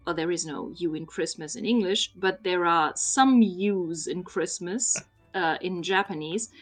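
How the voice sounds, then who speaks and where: A woman in casual conversation, explaining things patiently like a teacher, with frequent ums. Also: mid-range voice. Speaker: guest explaining Japanese Christmas. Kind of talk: casual chat.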